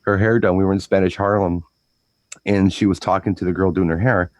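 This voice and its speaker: Rambling, low-voiced man DJ chatting. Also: steady tone, no room sound. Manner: rambling storyteller, repeats words, breaks into quick impressions. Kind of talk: casual chat.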